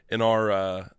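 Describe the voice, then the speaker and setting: A middle-aged man telling a long story in casual chat, animated, swearing and laughing as he goes. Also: lowish voice, clean tone, no echo, clean studio sound. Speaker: comedian podcast guest.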